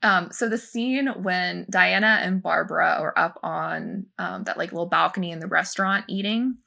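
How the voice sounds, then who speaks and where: A young woman co-hosting a podcast, telling animated behind-the-scenes stories in casual chat full of fillers. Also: lowish voice, moderate pace, vocal fry. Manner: animated storytelling, many fillers. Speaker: podcast co-host, former film extra.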